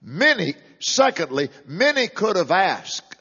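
A man's voice: a little high, lively intonation, a little slow, husky. An older male pastor preaching a sermon in a church with impassioned, rising and falling emphasis. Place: church sanctuary. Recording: dull, lo-fi, long hall reverb.

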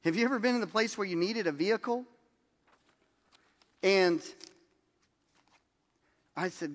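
A man's voice: high voice, unhurried, pauses often, long reverb tail. A man preaching a sermon, telling stories and acting out the lines people said in them. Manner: animated storytelling, acts out quotes with laughs. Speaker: pastor.

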